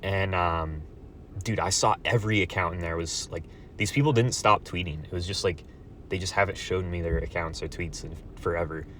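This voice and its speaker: A young man delivering a profane, angry ranting monologue to his viewers, with sarcastic loud outbursts and muttered asides. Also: low voice, normal speed, a little hiss or hum.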